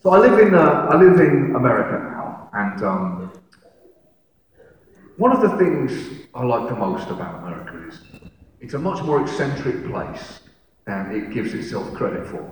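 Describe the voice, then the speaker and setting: A man's voice: medium pitch, sing-song, moderate pace, slight background noise. A man doing stand-up storytelling with rambling, self-deprecating asides, on a stage in a large hall. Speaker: stand-up comedian. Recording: echoey hall, mic at a distance, audience ambience.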